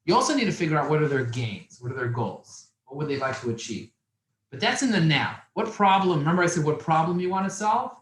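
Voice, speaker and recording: In a classroom with an audience, a man with a fairly high-pitched voice teaches a business class to a room of young men, telling animated stories and posing questions to them. The talk is lively, but the audio is reverberant and poor.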